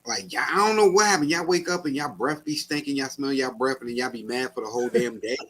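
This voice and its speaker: A man's voice: mid-range voice, quick pace, fairly bright tone, a little hiss or hum. A man co-hosting a podcast, ranting in casual slangy chat. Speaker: podcast co-host.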